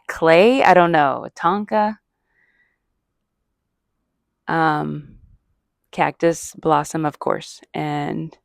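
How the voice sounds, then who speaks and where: A woman's voice: low-pitched, vocal fry, no room sound. A middle-aged woman from Arizona, a comedian hosting her own podcast, talking in a chatty, self-mocking ramble that wanders off topic. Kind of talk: casual rambling monologue.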